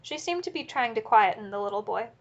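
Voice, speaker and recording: A woman narrating a classic novel as an audiobook in a steady, measured reading. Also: on the high side, highs cut off.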